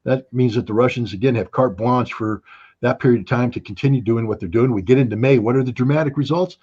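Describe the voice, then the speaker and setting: A man's voice: mid-range voice, quick pace, darkish tone, breathy edge, highs cut off. A man speaking as an interview guest, blunt and sardonic in casual talk. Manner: blunt, sardonic, with short laughs.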